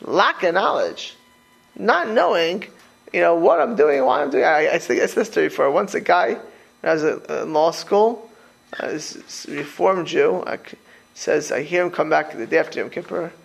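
A man's voice: a little high, moderate pace, creaky, husky, low-quality recording. A man teaching a Torah class as a rabbi, talking straight to his listeners with rhetorical questions and frequent restarts. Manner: animated, conversational, repeats words while restarting. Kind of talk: informal Torah lecture.

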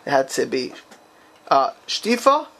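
A man's voice: mid-range voice, huge pitch swings, unhurried, vocal fry, pushed and bright. A man teaching a class on a text, quizzing his students and bursting into dramatic exclamations.

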